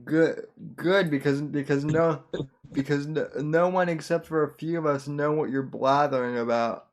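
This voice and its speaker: A man's voice: fairly high pitch, fairly even intonation, moderate pace. A man hosting a podcast, talking in a hesitant, stammering way in casual chat. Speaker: podcast host.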